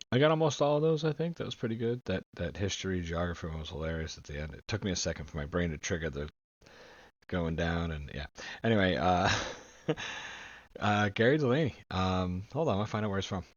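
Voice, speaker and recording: A man's voice: deep voice, a little fast, dry recording, lo-fi sound. A man from the United States hosting a reaction video, talking casually through a headset, with plenty of ums and uhs. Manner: rambling, lots of fillers. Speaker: YouTube reaction host.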